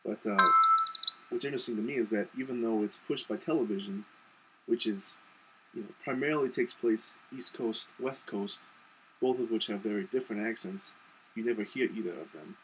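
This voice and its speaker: Casting: young man from Montana, lowish voice, casual rambling vlog delivery, faint hiss behind. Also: moderate pace, poor audio. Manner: rambling, lots of ums and you-knows. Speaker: video blogger.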